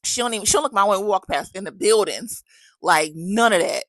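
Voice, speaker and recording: A woman with a mid-range voice talks fast in a dry recording. Probably a mother of several kids, she tells a story in a casual, chatty way, animatedly acting out the people she quotes.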